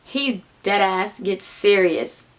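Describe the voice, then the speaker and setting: A young woman telling a casual personal story, animated, dropping into low muttered asides. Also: slow pace. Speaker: vlogger.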